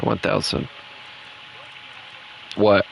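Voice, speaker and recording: A man's voice: takes it slowly, slight background noise. Laid-back young Southern-accented gamer guy. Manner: laid-back, jokey, says bro a lot. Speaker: gaming streamer. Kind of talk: casual gaming commentary.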